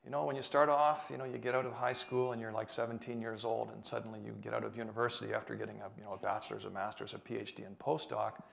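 A man, giving an animated, joking talk to an audience as a chemist and believer. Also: on the low side, fast, vocal fry, hardly any pauses. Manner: animated, joking, rhetorical questions. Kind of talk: lively public talk to an audience.

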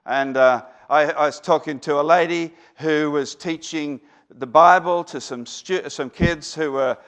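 A man's voice: on the high side, measured pace, fairly bright tone. A man with an Australian accent, a guest speaker giving a rambling, folksy talk to an audience, full of fillers and restarts.

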